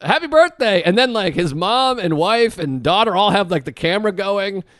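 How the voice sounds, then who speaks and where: Animated high-voiced man telling a story. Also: moderate pace, dry recording, studio quality. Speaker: podcast co-host. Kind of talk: casual storytelling chat.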